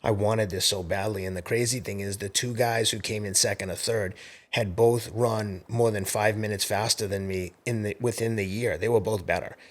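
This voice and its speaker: A middle-aged man in his fifties, a podcast guest telling race stories in a casual, animated way. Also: on the low side, moderate pace. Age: 50s. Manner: animated storyteller, acts out quoted voices. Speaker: podcast guest, marathon runner. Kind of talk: casual storytelling interview.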